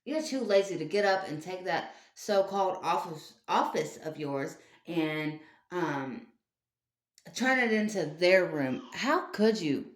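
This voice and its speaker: With a fairly low, animated voice and a slow pace, a female online commentator scolds her audience in a ranting video, leaning on repeated rhetorical questions. The tone is indignant, and a roomy echo colors the sound.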